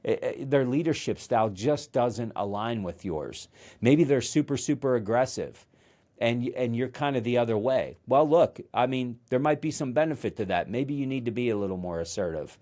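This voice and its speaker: A man hosting a motivational solo talk at a middling pitch. His delivery is conversational and emphatic. He often restarts his sentences. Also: expressive, normal speed, warm tone. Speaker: host.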